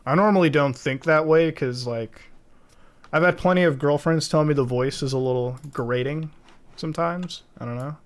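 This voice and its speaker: A man's voice: fairly high pitch, moderate pace. A young man streaming from home while editing video, chatting casually and rambling with lots of swearing and laughing asides.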